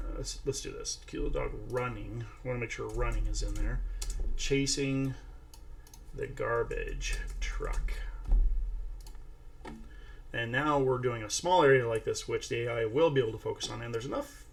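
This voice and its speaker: This AI art tutorial comes from a man casually narrating his screen-share step by step, with a toddler next to him he keeps talking to. His mid-range voice is creaky and fairly quick.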